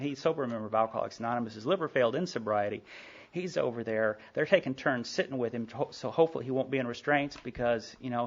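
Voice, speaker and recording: A man, speaking at a recovery meeting, telling his story in a quick, animated way full of asides. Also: medium pitch. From Sherman, Texas. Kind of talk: personal storytelling talk. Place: meeting hall. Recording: dull lo-fi tape recording.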